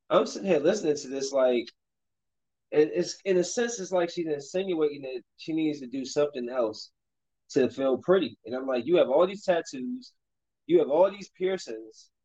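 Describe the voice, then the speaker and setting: Rambling man yelling at a video game. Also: mid-range voice, highs cut off. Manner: rambling, with sudden loud outbursts at the game. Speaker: streamer and father. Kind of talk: casual chat while playing a basketball video game.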